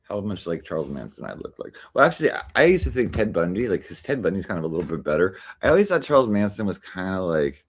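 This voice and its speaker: A man's voice: sits low, very animated, fast talker, few pauses. A man hosting a livestream, chatting casually and rambling with many fillers and restarts. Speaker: livestream host. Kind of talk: casual chat to a live audience.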